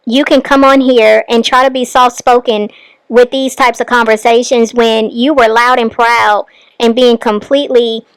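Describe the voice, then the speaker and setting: A woman's voice: on the high side, clean tone, no room sound, low-quality recording. A woman hosting a reaction commentary, scolding the person on screen with pointed rhetorical questions. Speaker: commentary channel host.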